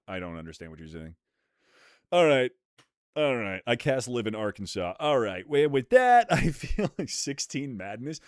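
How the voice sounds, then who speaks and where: A man streams and chats with his viewers in a loose, joking way. He swears freely and slides into loud rants, and his pitch swings widely. The sound is dry and close, with no room echo. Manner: rowdy, profane and jokey, ranting with pitch jumps. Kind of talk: casual chat reading viewer messages.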